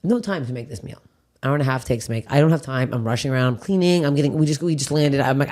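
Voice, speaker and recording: A woman's voice: extremely low pitch, fast talker. Laughing, swearing woman podcast host. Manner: animated storyteller, swears, laughs often. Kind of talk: casual chat.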